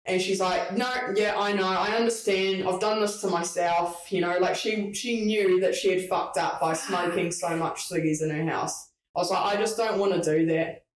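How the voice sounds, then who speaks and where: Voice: medium pitch, steady tone, moderate pace, hardly any pauses. A podcast host telling a work story in casual chat, swearing freely and acting out the dialogue. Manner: chatty, swears freely, acts out quoted dialogue. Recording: roomy, distant mic.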